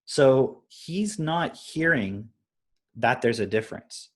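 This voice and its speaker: A man's voice: mid-range voice, lively intonation, takes it slowly, breathy edge. A young adult man on a live stream, casually explaining his parenting approach through stories and often checking in with "right?".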